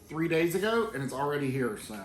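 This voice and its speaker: A channel host and product reviewer chats his way through an unboxing in an easygoing, rambling style full of loose fillers. His voice is a little high and fairly quick with big pitch swings, over roomy echo and faint background noise.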